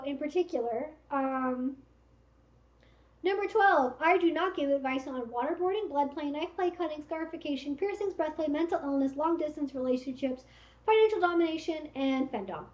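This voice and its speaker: A woman's voice: high-pitched, normal speed. A woman hosting a casual livestream Q&A, giving frank, direct advice with lots of fillers. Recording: roomy, slightly dull stream audio.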